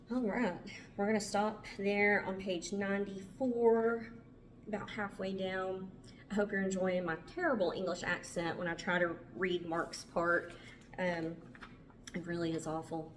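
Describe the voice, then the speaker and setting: A woman hosting a book club, reading a memoir aloud in a plain, steady way with small restarts. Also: medium pitch, unhurried, slight background noise, rough recording.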